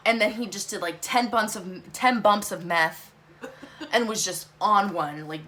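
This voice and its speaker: A young woman telling a storytime vlog, talking fast and animated, swearing a lot and saying "like" often. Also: mid-range voice. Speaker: vlogger.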